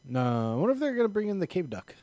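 A man's voice: high-pitched, sing-song, fast, mellow, dry recording. A man in casual chat about cartoons, agreeable, often trailing off while searching for words.

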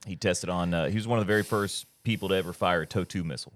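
A man's voice: low voice, racing, dry recording. A man hosting a podcast, laid-back and joking as he steers the conversation. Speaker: podcast host. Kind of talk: casual chat.

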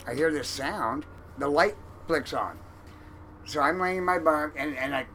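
A man telling a long story in an interview about his time as a fishing boat cook, animated and acting out the lines of others. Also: mid-range voice, a little hiss or hum, rough recording. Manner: animated, acts out quoted lines loudly.

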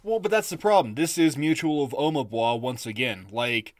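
A man co-hosting a podcast, talking in a casual, profane, animated rant and laughing often. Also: medium pitch, normal speed, no echo, studio quality. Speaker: podcast co-host. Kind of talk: casual chat.

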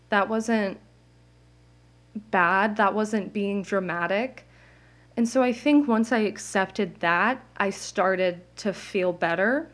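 Candid young woman rambling on her podcast. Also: mid-range voice. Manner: candid, rambling, many "like" fillers, laughs often. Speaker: podcast host. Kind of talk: casual solo podcast monologue. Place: home, indoors.

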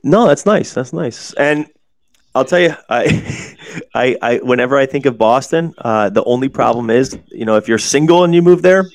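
A man's voice: medium pitch, lively intonation, normal speed, dry recording. A man in his forties hosting a casual podcast chat, rambling and swearing, with lots of restarts. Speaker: podcast host.

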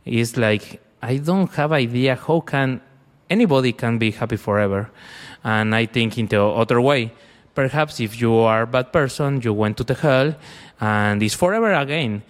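A man's voice: medium pitch, long reverb tail. Man telling a personal story. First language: Spanish. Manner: halting, searching for words in a second language.

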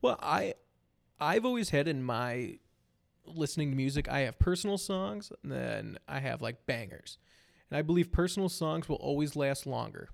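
Excitable young man with a gravelly voice. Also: a little high, normal speed. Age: 20s. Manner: animated storyteller, swears freely, many "like" fillers. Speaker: podcast host. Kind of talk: casual chat.

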